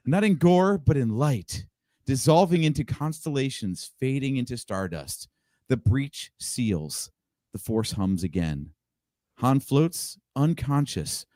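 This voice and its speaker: Man, podcast co-host, grand theatrical narration, lively swooping pitch, dry sound. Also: no room sound. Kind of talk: dramatic reading of a script.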